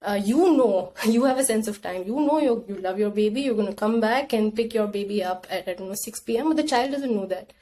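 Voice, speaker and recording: A woman's voice: medium pitch, a little fast, hardly any pauses, mellow, a little hiss or hum. A young woman guest on a podcast, talking things through in a casual, reflective way and acting out her own inner voice. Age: young adult. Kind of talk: casual conversation.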